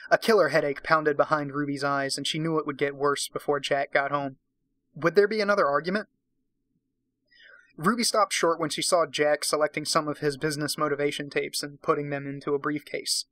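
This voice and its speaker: A man's voice: a little high, level tone, fairly quick, few pauses, a bit bright, no echo. A man giving a drunken dramatic reading of a romance novel, breaking off for profane, sarcastic asides. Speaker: reader and commentator.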